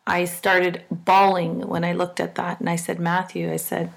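A middle-aged woman telling a personal story in an earnest, halting way, with fillers and restarts. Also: on the low side, completely flat delivery, gravelly.

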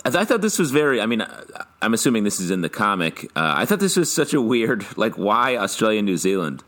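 A man co-hosting a podcast, talking in a halting way with many fillers. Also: lowish voice, big pitch swings, a bit bright. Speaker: podcast co-host. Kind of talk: casual podcast chat.

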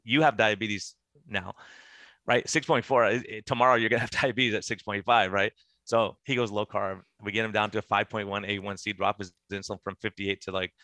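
A man's voice: on the low side, sharp tone, no room sound. A middle-aged man, a physician guest, telling stories in conversation and animatedly acting out the dialogue he quotes. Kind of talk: conversational storytelling.

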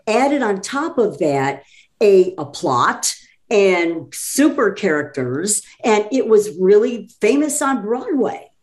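Brief: woman guest, mid-pitched, eager and bubbly, talks in quick bursts. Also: darkish tone. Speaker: theater group guest. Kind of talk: casual chat.

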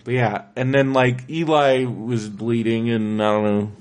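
A man co-hosting a podcast in casual chat, talking excitedly and rambling with lots of fillers. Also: medium pitch, measured pace. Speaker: podcast co-host.

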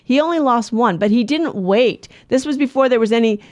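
An older woman co-hosting a Christian talk show, telling stories in an earnest, animated way with frequent restarts. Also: fairly high pitch, fairly quick. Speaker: co-host. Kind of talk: casual conservative Christian talk show chat.

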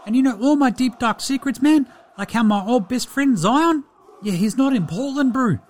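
A man's voice: very high-pitched, expressive, moderate pace, voice pushed up. A man playing a laid-back, friendly New Zealand basketball player in a comedy bit, putting on a New Zealand accent and rambling chummily through a mock diary entry. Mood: easygoing. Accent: New Zealand (put on). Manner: chummy, rambling, says "bro" and "eh" constantly.

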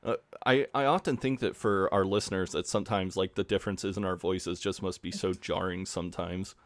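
A man co-hosts a podcast in a low voice, recorded dry and close. He talks casually and hesitantly, full of ums and you-knows. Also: fairly even intonation, a little fast, dry recording. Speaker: podcast co-host.

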